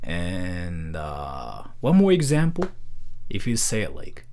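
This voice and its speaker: Animated man reading stream donations. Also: deep voice, slow pace, a little hiss or hum. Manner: rambling, joking, playfully awkward. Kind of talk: casual live-stream chat.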